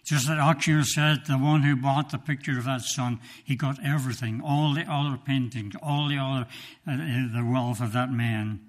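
Man preaching slow, emphatic sermon. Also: mid-range voice, steady tone. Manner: slow, emphatic storytelling with dramatic pauses; reads from notes.

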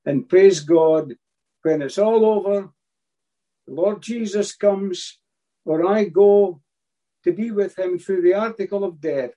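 Slow, high-voiced male preacher. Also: warm tone, rough recording. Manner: emphatic, repeating key phrases. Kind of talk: sermon.

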